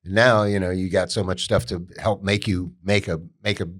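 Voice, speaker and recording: A man co-hosting a podcast, talking bluntly with plenty of swearing and quick agreement. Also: sits low, fairly even intonation, fairly bright tone. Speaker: podcast co-host. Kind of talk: casual chat.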